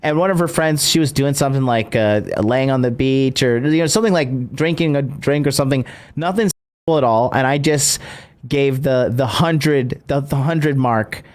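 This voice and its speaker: A man's voice: mid-range voice, normal speed. A man hosting a casual conversation, talking loosely with many fillers and restarts.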